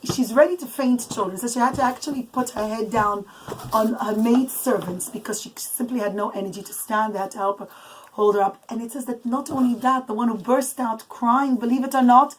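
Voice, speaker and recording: A woman telling a bedtime story to children with puppets, pausing now and then to settle the kids. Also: fairly high pitch, poor audio.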